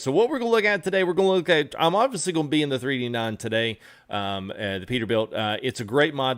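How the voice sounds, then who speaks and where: A man streaming a truck game, talking casually with many fillers and greeting his chat. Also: medium pitch. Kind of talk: casual live-stream commentary.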